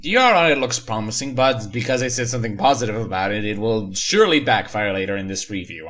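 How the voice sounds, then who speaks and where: A man tears through a cheap horror story with sarcastic, profane comedy. His voice is bright and forceful and sits at an ordinary pitch for a man. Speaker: creepypasta reviewer. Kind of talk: comedic creepypasta reading and review.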